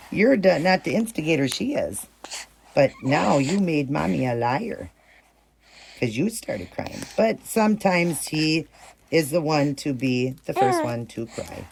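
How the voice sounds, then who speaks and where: Gravelly low-voiced middle-aged woman vlogging. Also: slight background noise. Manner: soft cooing baby talk mixed with chatty asides to viewers. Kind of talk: casual show-and-tell vlog.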